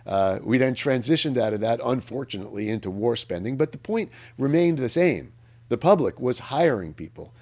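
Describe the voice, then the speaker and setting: Guy hosting a radio commentary show, lowish voice, earnest and emphatic, keeps restarting sentences as he thinks. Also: a little mellow. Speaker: radio host. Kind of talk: public affairs commentary monologue.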